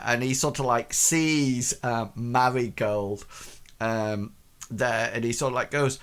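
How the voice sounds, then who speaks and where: Hesitant slow-talking male game master. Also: medium pitch, fairly even intonation, a bit bright, clear, resonant tone. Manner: hesitant, many ums and restarts. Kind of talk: narrating a tabletop game.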